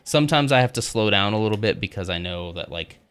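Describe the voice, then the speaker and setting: A man's voice: on the low side, lively intonation, quick pace, a bit bright, clean tone. A man livestreaming as he builds a Lego set, chatting casually and laughing often at himself.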